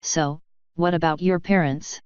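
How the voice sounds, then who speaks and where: A woman's voice: deep voice, steady tone, unhurried, clean tone, no room sound. A woman voicing a friendly, curious young female pony mechanic who asks eager questions; dull lo-fi recording.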